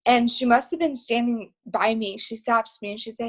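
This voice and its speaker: A young woman hosting a motivational team video call, telling stories in an excited, emphatic, rambling way. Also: a little high, normal speed, poor audio.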